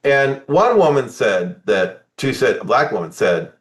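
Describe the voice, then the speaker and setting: A man's voice: medium pitch, measured pace. An older man, a former math teacher, chatting casually about politics and acting out quotes as he tells stories. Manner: animated storytelling with acted-out quotes. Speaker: guest.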